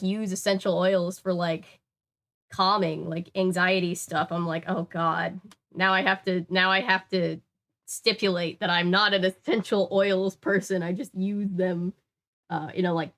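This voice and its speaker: Reading out viewer comments on a stream, this Louisiana streamer rambles along with plenty of fillers in a slight Southern US accent. Her mid-range voice is steady and a bit bright, with a moderate pace.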